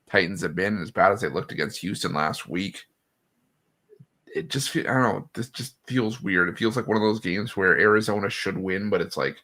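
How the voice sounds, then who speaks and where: A man's voice: low-pitched, gravelly, bright, forceful tone. A man co-hosting a betting show, talking through picks with hesitant fillers. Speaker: co-host. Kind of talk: casual sports betting chat.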